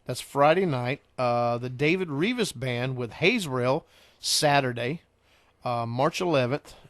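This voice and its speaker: A man's voice: medium pitch, measured pace, dry recording. Rambling man telling stories. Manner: rambling, animated storyteller. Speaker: podcast host. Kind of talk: casual chat.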